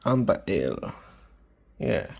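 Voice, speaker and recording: A man's voice: deep voice, sing-song, creaky, heavy background noise. A tired man vlogging casually, rambling and correcting himself as he goes. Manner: rambling, halting, self-correcting. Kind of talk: casual vlog monologue.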